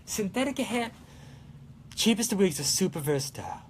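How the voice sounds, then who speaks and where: A man's voice: sits high, very animated, moderate pace, a little hiss or hum. A young man hosting a casual cosplay livestream, rambling goofily through viewer comments in a hammy put-on Italian accent. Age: young adult. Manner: goofy, rambling, self-mocking. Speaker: cosplay show host.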